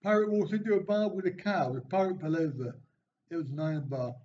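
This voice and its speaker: A man whose voice is on the high side and a little mellow talks fairly quickly on a casual live stream. He voices jokes viewers typed in the chat and shoots back dry, self-deprecating replies. The sound is dull and somewhat lo-fi, with faint noise.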